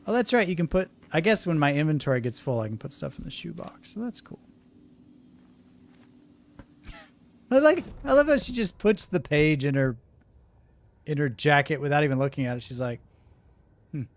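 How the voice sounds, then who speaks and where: A man from Oklahoma with an Oklahoma accent, casually commentating a video game, reading its text aloud and laughing often as he answers chat. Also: medium pitch. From Oklahoma, USA. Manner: chatty, laughs often, reacts to live chat. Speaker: gaming streamer.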